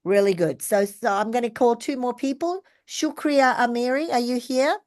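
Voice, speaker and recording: A woman's voice: fairly high pitch, normal speed, darkish tone. A woman teaching an online English class, chatty and encouraging as she calls on students.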